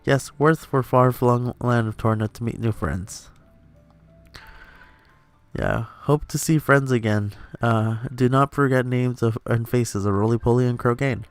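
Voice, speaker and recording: A man's voice: mid-range voice, measured pace, no room sound, faint music behind, natural voice. A man playing a boastful small male mercenary who speaks in clipped, broken grammar. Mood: earnest.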